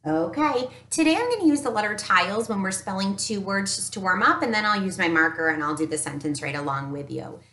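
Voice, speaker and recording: A woman teacher giving a recorded phonics lesson to young children, upbeat and encouraging, sounding out each letter slowly. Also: mid-range voice, lively intonation, bright, forceful tone. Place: home teaching space with an easel. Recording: echoey room.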